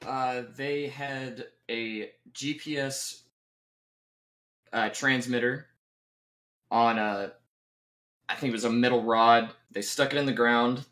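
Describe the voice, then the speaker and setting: A man answering questions as a guest on a live stream, speaking softly and haltingly. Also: medium pitch, steady tone. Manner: soft-spoken and hesitant, with fillers. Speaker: guest caller. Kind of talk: casual debate answers.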